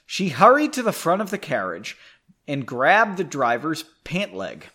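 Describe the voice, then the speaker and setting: A man's voice: on the high side, wildly swooping pitch, measured pace, bright, forceful tone. A man at home reading a fantasy story aloud, chatty and self-mocking, often stumbling and rereading lines. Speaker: amateur story reader. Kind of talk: casual read-aloud with asides.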